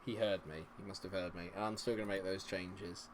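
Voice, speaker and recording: A man's voice: fairly low pitch, moderate pace, hardly any pauses, fairly bright tone, slight background noise. Sarcastic man commentating a game. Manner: exasperated, sarcastic, swings from grumbling to cheering. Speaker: gaming streamer.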